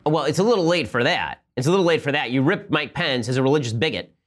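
Rapid-fire sarcastic male host. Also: a little high, animated. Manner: rapid, sarcastic, combative, many asides. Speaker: political talk show host. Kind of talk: fast opinionated commentary with ad read.

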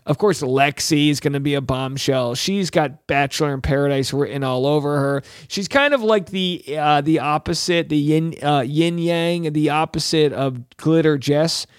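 A man's voice: on the high side, normal speed, hardly any pauses, smooth, no echo, clean studio sound. A man hosting a casual recap show, chatting in a rambling way and acting out quotes in put-on voices. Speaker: host. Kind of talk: casual reality-TV recap monologue.

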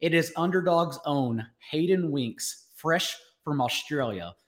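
A young man hosting a sports podcast, chatting casually and upbeat, sometimes rushing through lines. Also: a little high, lively intonation. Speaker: podcast host.

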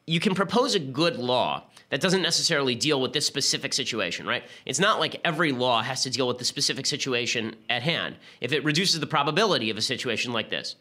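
A man hosting a podcast, delivering an argumentative political commentary monologue with quick restarts. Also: mid-range voice, expressive, pushed and bright. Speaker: podcast host.

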